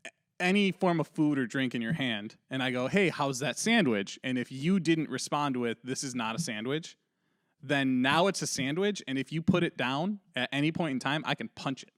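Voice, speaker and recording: A man hosting a casual podcast chat, laid-back and quick to laugh. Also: medium pitch, no echo, clean studio sound. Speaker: podcast host.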